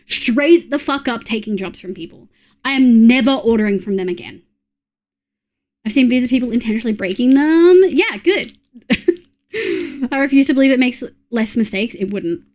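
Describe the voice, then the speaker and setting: A woman's voice: high-pitched, darkish tone. An Australian woman in her thirties chatting casually on a live stream, blunt and sweary, reacting to chat.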